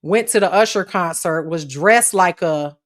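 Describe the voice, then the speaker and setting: A woman's voice: on the low side, a little slow, a loud crowd. A woman on a livestream talk panel, pushing back in a dry, sarcastic way during a heated casual debate. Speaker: co-host panelist.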